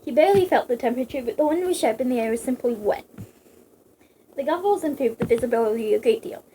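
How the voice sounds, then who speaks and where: A woman's voice: on the high side, animated, quick pace, dark tone, slight background noise. A woman reading a novelization aloud, breaking off for giggly, chatty asides. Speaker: reader.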